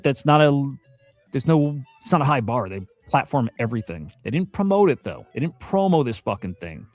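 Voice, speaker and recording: In a dry recording, a man with a medium-pitched, darkish voice rants casually about crypto news on a stream. He's blunt and exasperated, swearing often and repeating himself.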